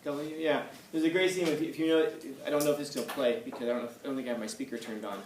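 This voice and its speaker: A man gives a casual classroom lecture at an ordinary pitch and often repeats his points for emphasis. His voice bounces around a roomy space and sits away from the mic. A faint noise runs underneath. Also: fairly even intonation, very fast. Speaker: teacher. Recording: echoey room, far from mic, faint noise.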